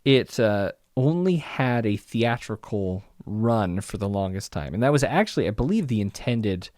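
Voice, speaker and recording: A male podcast host with a lively voice that swings up and down in pitch as he talks. He chats casually, stumbling into quick restarts. His voice sounds dry and close, with no room around it. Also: no room sound. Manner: lively, animated, stammering restarts. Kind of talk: casual chat.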